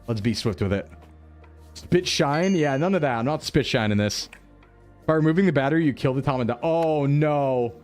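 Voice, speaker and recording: A man streaming a repair simulator, chatting casually and thinking aloud with excitable bursts. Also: mid-range voice, normal speed, faint music behind. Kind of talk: casual game commentary.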